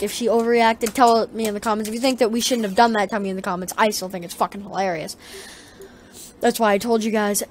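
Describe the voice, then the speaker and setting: A woman tells a casual vlog story in a slightly high voice. She rambles, swears freely and gets animated as she goes. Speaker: vlogger.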